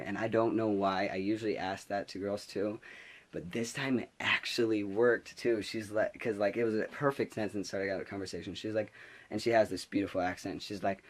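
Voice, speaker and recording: A man's voice: lowish voice, fairly even intonation, moderate pace. A young man telling a casual story to camera, rambling with lots of restarts and filler words, sometimes whispering quoted asides. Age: young adult. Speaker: vlogger.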